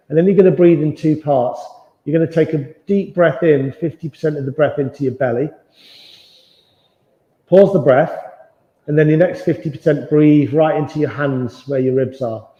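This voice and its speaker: A man leading a guided yoga class, giving calm, slow, soothing cues for movement and breathing. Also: fairly high pitch. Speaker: yoga instructor. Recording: dull, roomy sound with long reverb.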